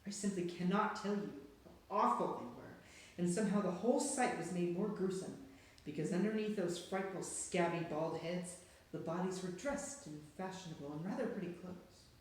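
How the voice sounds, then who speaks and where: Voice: medium pitch, moderate pace, very echoey. A reader narrating a storybook aloud in a dramatic, suspenseful way. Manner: dramatic, hushed and then rising with suspense.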